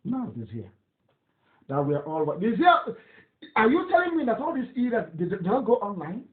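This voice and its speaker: A man's voice: high voice, huge pitch swings, a little fast. A man with a Nigerian accent giving an impassioned broadcast, fiery and scornful, repeating himself and laughing derisively. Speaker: political activist broadcaster. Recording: tinny phone-like line.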